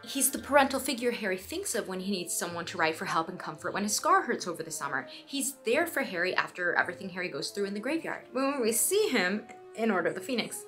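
A young woman hosting a scripted video essay, animated and playful, with quick asides to the viewer. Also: medium pitch.

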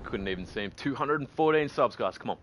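An excitable man, chatting casually and swearing freely while streaming a game. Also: medium pitch, fast, noisy background. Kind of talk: casual live-stream commentary. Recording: game gunfire under the voice.

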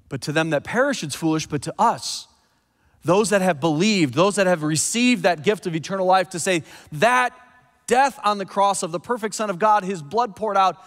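A man preaching a sermon as pastor, with animated delivery, scripture readings and asides. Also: high voice. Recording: long hall reverb.

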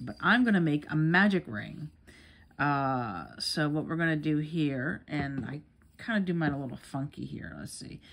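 Middle-aged lady rambling thru a crochet how-to, lots of ums, lowish voice. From New York. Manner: chatty and rambling, many fillers and restarts. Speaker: crochet teacher. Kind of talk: casual crochet tutorial.

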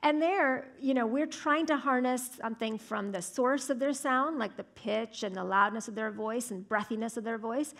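A woman's voice: on the high side, normal speed, hardly any pauses, a bit bright. Thoughtful woman scientist explaining. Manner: thoughtful, explanatory, frequent "right?" and "um". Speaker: speech scientist giving a lecture. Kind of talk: academic talk with audience Q&A. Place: lecture hall.

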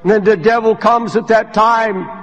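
An older man preaching a sermon as pastor, with impassioned delivery that swings from hushed to shouted. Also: high voice, fairly even intonation, normal speed, dull audio, a faint crowd. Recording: long hall reverb.

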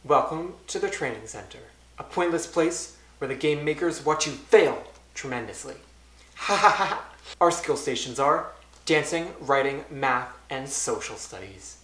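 A man's voice: on the high side, expressive, normal speed, a bit bright, a little hiss or hum. A man voicing a gloating female announcer who delivers mocking, theatrical lines. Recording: roomy echo with music underneath.

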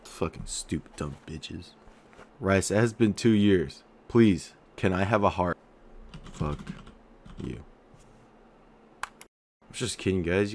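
A young man with a slightly low voice chats casually to his viewers, reading out comments. He jokes and teases crudely, dropping to mumbles and then bursting out loud. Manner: joking, crude, teasing, swings between mumbles and outbursts. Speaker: YouTuber.

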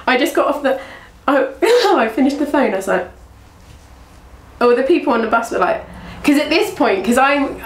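A woman's voice: high voice, normal speed. A young woman, a former athlete from England, retelling her career in a casual interview, with many restarts and quoted speech. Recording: echoey room, voice from far off, faint room noise.

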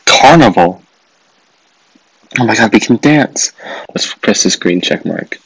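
A man's voice: lowish voice, animated, slow pace, gravelly, a bit bright, breathy edge, no room sound, rough recording. A man hosting a gaming video, commenting with sarcastic jokes and frequent laughter while he plays a mobile game. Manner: joking, sarcastic, swears, laughs often.

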